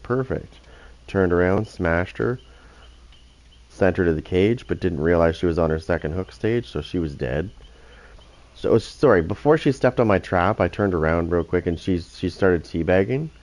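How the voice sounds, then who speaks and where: A man's voice: sits low, a little mellow. A man hosting a gaming channel, talking casually and profanely over his gameplay, often restarting his sentences.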